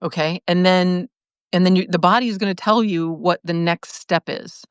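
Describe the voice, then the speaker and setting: A woman's voice: fairly low pitch, normal speed, smooth, no room sound. Laughing, chatty woman on a live stream. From lived in Chicago, now in California. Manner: animated, laughs often, restarts sentences. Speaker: host reading viewer comments. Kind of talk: casual live-stream talk.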